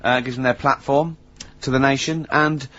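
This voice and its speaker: A man hosting a radio show, rambling happily through anecdotes with plenty of laughs. His voice sits at an ordinary pitch, and the studio sound is a little muffled and dull. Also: fairly even intonation, moderate pace, fairly bright tone. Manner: chatty storytelling, mimics others in quotes, laughs often. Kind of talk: casual radio banter.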